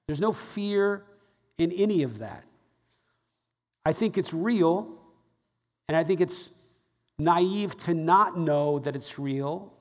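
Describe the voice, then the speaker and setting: A man with a slightly high voice preaches to a congregation. He tells his story with lively energy and acts out the other people's lines as he goes. His voice rings out with the long reverb of a big hall. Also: slow, long pauses. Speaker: pastor. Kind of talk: sermon storytelling.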